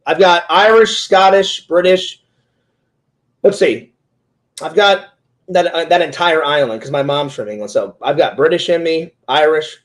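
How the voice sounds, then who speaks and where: A talkative man interviewing a fellow streamer in casual chat, rambling through stories with many "like"s and "he goes"s. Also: fairly high pitch.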